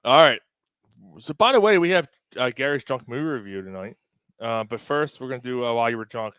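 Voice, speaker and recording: A man's voice: mid-range voice, expressive, fairly quick, a bit bright, smooth, no echo. A man hosting a casual pub sports chat, trading crude jokes with friends. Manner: crude, joking banter. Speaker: podcast host.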